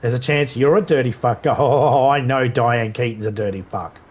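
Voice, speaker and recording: A man's voice: mid-range voice, normal speed, slightly rough. A man streaming a video game live, riffing in crude, rambling banter and laughing at his own jokes.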